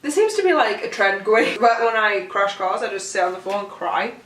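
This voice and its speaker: A woman's voice: mid-range voice, lively intonation, brisk, a bit bright. A young woman telling a rambling, self-mocking storytime to camera at home. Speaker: vlogger. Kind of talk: casual storytime chat to camera. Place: room at home. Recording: roomy sound from a far mic.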